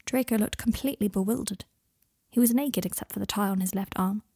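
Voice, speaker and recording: A woman reading fan fiction aloud in a soft, intimate narration. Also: mid-range voice, fairly quick, breathy edge, no room sound, clean studio sound. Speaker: reader.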